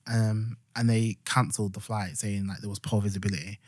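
A young Yorkshire man chats on a podcast, his voice sitting low and recorded dry and close. He rambles through stories with lots of "like" and false starts, getting animated as he retells them. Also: fairly quick, dry recording. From Yorkshire, England. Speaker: podcast co-host. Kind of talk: casual chat.

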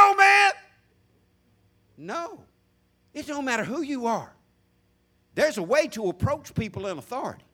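An older man from Florida, preaching a sermon. He tells folksy stories and swings from loud to hushed. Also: sits high. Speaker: pastor.

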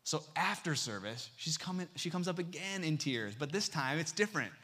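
A young adult man, a campus missionary, preaching a sermon full of stories and acting out dialogue with sudden pitch jumps. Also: expressive, normal speed, bright, forceful tone.

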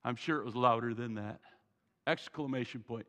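A pastor preaching a sermon in a church, animated and folksy, with joking asides, on a worn mic. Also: male voice, medium pitch, moderate pace. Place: church sanctuary. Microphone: wearing a mic. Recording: reverberant church hall.

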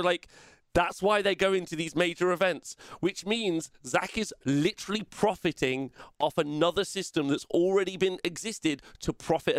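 A man's voice: fairly high pitch, no room sound. A man co-hosting a live-streamed gaming chat show, ranting, swearing and joking. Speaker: podcast co-host.

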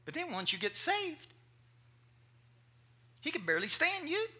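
A male preacher delivering a sermon with a high, lively voice that rises and dips all over. His tone is bright and cutting, and he talks in a casual, joking way with his congregation between points. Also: measured pace. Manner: joking asides, animated and conversational.

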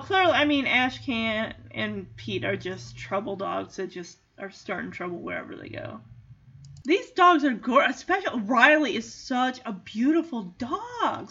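A woman's voice: fairly high pitch, fairly bright tone. Giggly woman recapping a movie. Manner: chatty, giggly, acts out lines. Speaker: movie reaction vlogger. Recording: dull lo-fi audio.

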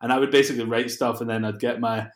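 A young man chatting in an interview, relaxed and laughing often between rambling asides. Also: medium pitch, fast. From Scotland. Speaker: guest, music producer. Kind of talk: casual interview chat. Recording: roomy echo.

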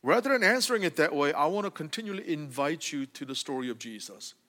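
A man delivering a conversational sermon in a church sanctuary. His voice sits fairly high and swings widely in pitch, and he keeps checking in with the congregation as he explains. A long hall reverb trails after his words. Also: fast. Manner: animated, often asking the congregation "right?". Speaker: preacher.

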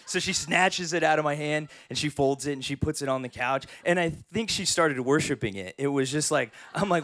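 A man in his thirties preaching a sermon as pastor, telling humorous stories in an animated way. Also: a little high, a little fast, few pauses.

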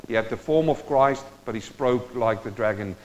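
A male preacher giving a sermon, moving between quiet teaching and loud, impassioned exhortation and speaking straight to his listeners. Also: medium pitch, moderate pace, a little hiss or hum. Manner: addresses the congregation directly. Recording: dull sound with long hall reverb.

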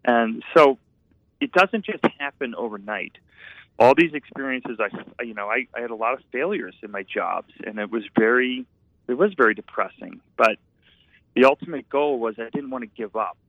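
A man with a medium-pitched voice speaks at a normal speed on a dry recording. He is a painter who used to be an architect, and he tells his story earnestly and ramblingly in a reflective way. The sound is tinny, like a phone line.

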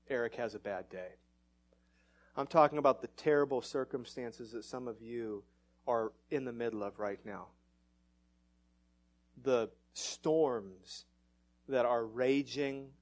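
Here a middle-aged man gives a sermon as a pastor, poking fun at himself and staying lively throughout. His voice sits at medium pitch but climbs when he gets worked up.

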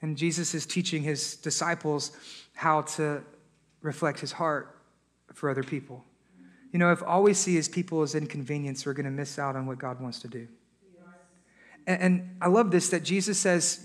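A man's voice: fairly high pitch, moderate pace. A man preaching a sermon as pastor to his congregation in a church, impassioned and full of rhetorical questions, with sarcastic asides. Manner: impassioned, many rhetorical questions, building in intensity. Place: church service before a congregation.

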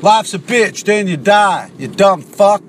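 A man putting on a gruff tough-guy voice, yelling slow scolding orders from a moving car. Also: high-pitched, expressive, voice pushed up. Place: in a car while driving. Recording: car with road noise behind.

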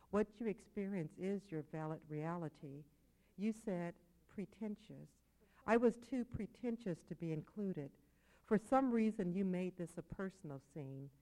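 A woman reads her poetry aloud at a live reading, her voice sitting fairly low. She keeps a measured pace and drops some phrases to a quiet aside. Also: rough recording. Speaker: poet. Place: poetry venue with audience.

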